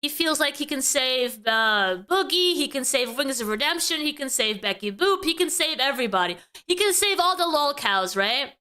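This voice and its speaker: A woman streamer giving casual commentary on clips, talkative and often ending points with a quick tag question. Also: high-pitched, sharp tone.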